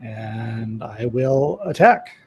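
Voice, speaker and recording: A man's voice: medium pitch, lively intonation, very slow, a little mellow, dull audio, faint music behind. A man playing a casual board game, answering in short, dry quips. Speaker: player. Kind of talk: casual tabletop game chat.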